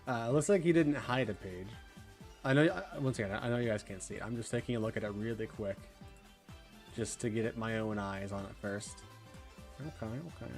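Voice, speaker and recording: A man's voice: on the low side, darkish tone. A young man hosting a casual livestream, laughing often and thinking aloud while chatting, with faint game music behind him. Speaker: livestream host.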